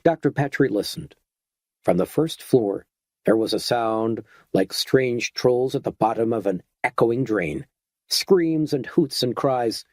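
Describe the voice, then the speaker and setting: A man giving a steady, dramatic scripted narration of a horror audiobook. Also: medium pitch, a little slow, no room sound.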